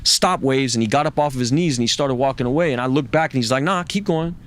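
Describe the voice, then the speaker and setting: A man spills a raw personal story to an interviewer. His pitch sits in the middle of the male range, and he swears, stammers and repeats words. He slips into the voices of the people he quotes. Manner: profane, halting, repeats words, acts out quoted speech. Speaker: interview guest.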